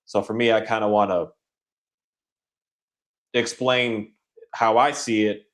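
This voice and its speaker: A man's voice: lowish voice, fairly even intonation, slow pace, a bit bright. A man appearing as a podcast guest, talking casually and thoughtfully, searching for his words. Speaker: guest dog trainer. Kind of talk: casual conversation.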